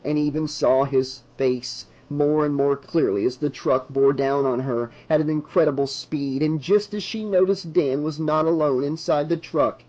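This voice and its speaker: A man reading a horror novel aloud as an audiobook narrator, in measured, dramatic narration. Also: on the high side, steady tone, a little mellow, lo-fi sound.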